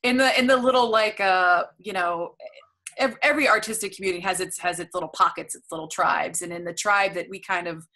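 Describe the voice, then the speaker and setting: A woman's voice: lowish voice, fairly quick, sharp tone. A woman co-hosting a podcast in casual chat, telling stories candidly and with animation. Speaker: podcast co-host.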